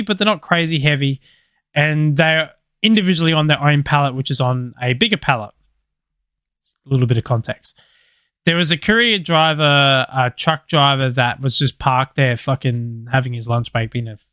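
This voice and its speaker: A man's voice: medium pitch, fairly bright tone, clear, resonant tone, dry recording, studio quality. A man casually telling a podcast story, loose and sweary with lots of fillers. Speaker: podcast co-host.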